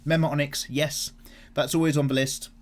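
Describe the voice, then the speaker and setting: A man hosting a casual art vlog, chatting and answering viewer comments in an animated way, swearing freely as he goes. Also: fairly high pitch, moderate pace. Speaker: art channel host.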